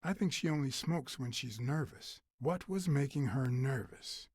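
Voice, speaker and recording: An actor playing a grown male cat private detective in a video game, speaking calmly and deliberately with a husky voice. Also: mid-range voice, dry recording. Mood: calm probing. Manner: calm, questioning, deliberate.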